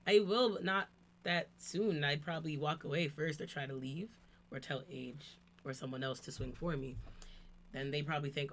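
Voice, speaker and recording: A woman hosting a casual chat, talkative and quick with asides. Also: deep voice, slight background noise. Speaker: channel host.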